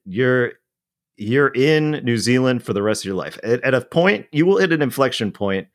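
A man interviewing a guest in casual chat, halting and rephrasing with many restarts. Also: mid-range voice, animated. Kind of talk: casual conversation.

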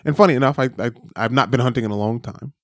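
Animated man telling stories, dry sound. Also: medium pitch, fast talker, no room sound. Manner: animated storyteller, acts out quoted voices, many "right?" tags. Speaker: podcast co-host. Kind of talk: casual chat, storytelling. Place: lives in New Zealand.

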